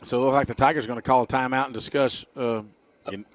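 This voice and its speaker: A middle-aged man giving chatty, folksy color commentary on a high school football game for radio. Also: steady tone, fast talker. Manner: folksy, chatty, jokey asides.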